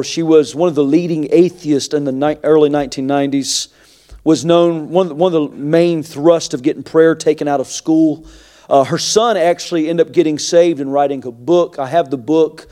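A man with a high, light voice preaching a sermon to a congregation. He talks plainly and confidingly at times, then builds into loud, rising preaching that hammers each phrase. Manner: swings from quiet asides to shouted preaching. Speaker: pastor.

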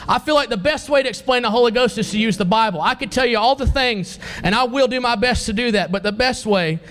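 A man with a high-pitched voice preaches a sermon. He reads scripture aloud and keeps asking the congregation questions. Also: fast talker, a bit bright.

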